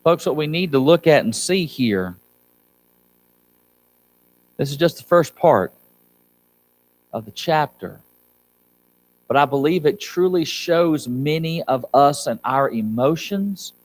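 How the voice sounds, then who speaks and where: A man's voice: on the high side, animated, takes it slowly, long pauses, low-quality recording. A man preaching a sermon as pastor, pleading with the congregation and rising to urgent appeals. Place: church sanctuary.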